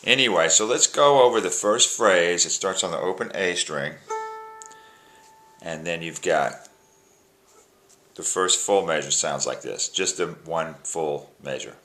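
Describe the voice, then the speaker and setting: Man, very deep voice, casual music teacher, counts beats, loud plucked strings behind. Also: measured pace, long pauses. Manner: counts beats aloud, breaks tunes into phrases. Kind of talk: casual instrument lesson. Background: plucked string instrument playing.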